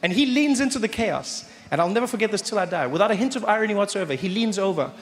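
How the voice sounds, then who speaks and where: A man doing animated stand-up storytelling on a handheld mic in a large venue. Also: high-pitched, fast talker. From South Africa. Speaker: stand-up comedian. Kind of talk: stand-up comedy. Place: large live comedy venue. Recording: roomy live venue with audience noise.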